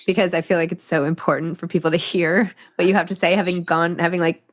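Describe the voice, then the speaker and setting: A woman's voice: lowish voice, fairly even intonation, quick pace. A woman in her forties hosting an interview, effusive and chatty with lots of fillers. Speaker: podcast host. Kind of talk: video call interview.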